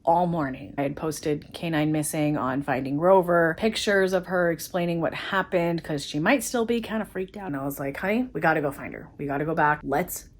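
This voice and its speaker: Vlogger, woman in her thirties, deep-ish tone; emotional, rambling storyteller. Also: fairly quick, few pauses. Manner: emotional, rambling retelling with many "like"s. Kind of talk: personal storytime vlog.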